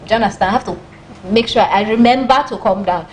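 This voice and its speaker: A woman's voice: fairly high pitch, quick pace, low-quality recording. A Nigerian woman co-hosting a studio panel discussion, reading viewer comments and telling her own experiences earnestly. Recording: faint background noise.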